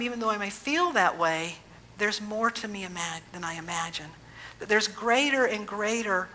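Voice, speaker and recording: A woman minister giving a sermon in a gentle, reflective storytelling way, slowing down for emphasis. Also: medium pitch, a little hiss or hum, low-quality recording.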